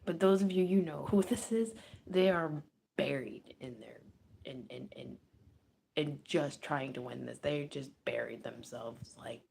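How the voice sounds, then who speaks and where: A woman giving a casual psychic reading aloud, talking loosely and swearing, moving between hushed murmurs and excited bursts. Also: rumbling low, a little slow, creaky, breathy edge. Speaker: psychic reader. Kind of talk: casual spoken card reading.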